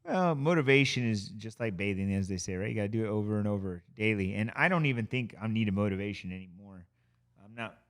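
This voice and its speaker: A man who is a guest on a podcast, chatting casually in a studio, an animated storyteller who swears freely. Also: on the low side, fast.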